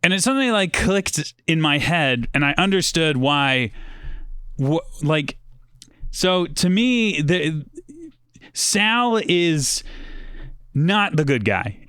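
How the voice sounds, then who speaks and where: A man's voice: a little high, sing-song, takes it slowly, pauses often, fairly bright tone, smooth, no echo, clean studio sound. A man talking casually about a film, rambling with lots of fillers and restarts. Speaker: podcast guest. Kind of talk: casual movie discussion.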